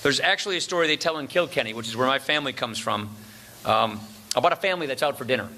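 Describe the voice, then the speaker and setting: A middle-aged man from Wisconsin giving a formal luncheon speech, and he pauses for laughs after his punchlines. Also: mid-range voice, animated, creaky, bright, forceful tone, slight background noise. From Wisconsin, USA. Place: large banquet room. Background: audience laughter and room ambience.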